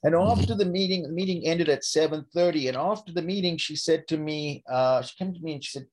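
An older man from South Africa telling a personal recovery story, halting often and repeating words as he restarts his sentences. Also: a little high, darkish tone. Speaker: speaker sharing a recovery story.

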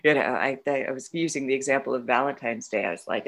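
A middle-aged woman with a low, deep-set voice tells her own story in a candid, conversational way. She mocks herself, laughs often and talks in fillers and restarts. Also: brisk, hardly any pauses. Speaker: guest sharing her recovery story.

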